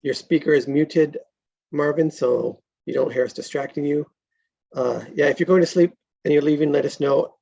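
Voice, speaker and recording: A man hosting a casual online script-reading session and prompting the others in a relaxed way, heard over a video call. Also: on the high side, moderate pace, gravelly, highs cut off. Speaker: host. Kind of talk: casual group chat.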